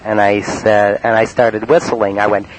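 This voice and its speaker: Male monologue; deadpan recounting, frequent fillers, slightly low voice. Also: very noisy. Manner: halting, full of uh and um. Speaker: storyteller recounting his prank calls. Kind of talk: spoken-word cassette monologue.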